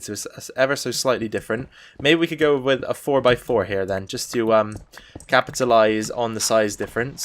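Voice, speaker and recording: A man's voice: medium pitch, a bit bright. Man thinking aloud over gameplay. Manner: thinks aloud with frequent ums and restarts. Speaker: let's play host. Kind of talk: casual gameplay commentary.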